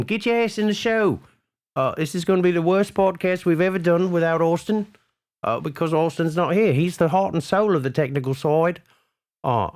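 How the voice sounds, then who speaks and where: A man's voice: mid-range voice, a little mellow, close to an everyday voice. A man playing an Australian podcast host who rambles fretfully and hesitates a lot.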